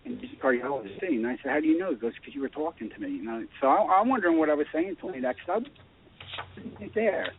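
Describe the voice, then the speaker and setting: A man calls into a radio chat and tells his story with lively, swooping pitch. His voice is slightly high and gravelly. The sound is dry and comes through a tinny phone line. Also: a little fast. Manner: animated storyteller acting out dialogue. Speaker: guest telling his story.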